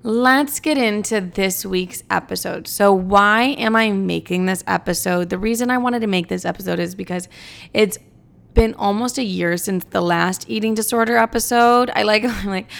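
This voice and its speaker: A young woman in her twenties hosts a casual confessional podcast, talking bluntly, swearing freely, and wandering from thought to thought. Her voice is mid-pitched with heavy, gravelly vocal fry. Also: a bit bright. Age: 20s. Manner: blunt, profane and rambling. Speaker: podcast host.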